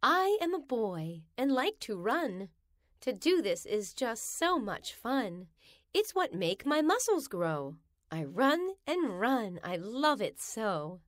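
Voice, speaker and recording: A woman reads children's rhymes aloud, slow and sing-song, her fairly high voice rising and falling a great deal. The sound is close and dry, with no room around it. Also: very animated, no echo.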